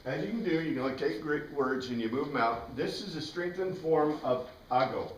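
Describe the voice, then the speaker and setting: Male Bible teacher, slightly high voice, animated and digressive, heard from a distance in an echoey classroom. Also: moderate pace, slight background noise. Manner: animated, digressive, spells out Greek words. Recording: roomy room, distant mic.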